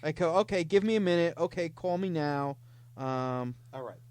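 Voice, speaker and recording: A man's voice: a little high, normal speed, a little mellow, clean tone, dry recording. A man hosting a comedy show, telling a story and reading chat messages aloud in a playful, mock-dramatic way. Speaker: podcast host reading scam chats.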